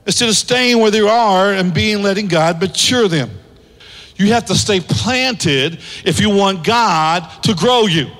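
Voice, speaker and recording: A pastor in his fifties preaching a sermon in a large church, animated, with big swings in pitch and shouted peaks. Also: measured pace. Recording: long hall reverb.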